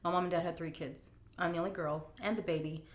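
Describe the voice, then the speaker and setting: Middle-aged woman vlogger, frank and emotional, slightly low voice, echoey room sound. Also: fairly even intonation. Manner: candid, emotional, drawn-out emphasis. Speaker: vlogger answering viewer questions. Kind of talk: casual Q&A chat.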